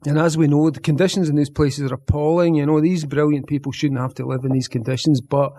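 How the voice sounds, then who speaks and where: A man's voice: fairly high pitch, flat delivery, quick pace, dark tone. Dry-humored Glaswegian man in his fifties. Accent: Glaswegian Scottish. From Scotland. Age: 50s. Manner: dry, joking, laughs often. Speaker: guest, comic writer. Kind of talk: casual podcast interview.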